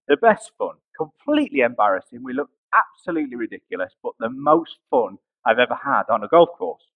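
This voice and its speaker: A man's voice: mid-range voice, sing-song, a little fast, few pauses, dry recording, dull audio. A man preaching a sermon, telling a personal story and building to emphatic rises.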